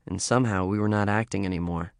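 A man reading a first-person story as an audiobook narrator, in a measured, understated way. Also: fairly low pitch, steady tone, creaky, no room sound, clean studio sound.

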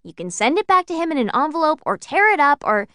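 A woman's voice: high-pitched, sing-song, fast talker, sharp tone, no echo, studio quality, voice pushed up, heavily acted. A woman reading the lines of a cocky, glib teenage boy in an audiobook, arguing and teasing.

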